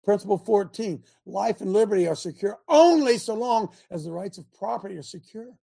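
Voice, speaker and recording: A man giving an impassioned political talk to an audience, reading numbered principles aloud and breaking off into angry, loud commentary. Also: sits high, a little fast, creaky, slightly rough. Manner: reads numbered principles, then rants and comments; grows angry and loud at times. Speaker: speaker addressing an audience.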